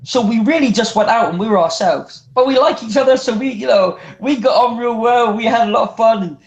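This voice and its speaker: A man with a high voice tells animated stories as a guest on a casual interview show. He often restarts his sentences and mimics other people as he goes. The sound is echoey, as if recorded in a bare room. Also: brisk, gravelly, lo-fi sound. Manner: animated, acts out voices in anecdotes, frequent restarts. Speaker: guest wrestler.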